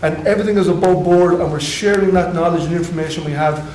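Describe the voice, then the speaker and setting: A high-pitched Irish man explains his work on a conference panel, earnest and stumbling now and then. The hall is echoey, with a faint background hum. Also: fairly even intonation, fast talker, a little mellow. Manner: earnest, with restarts. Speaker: sports development panelist.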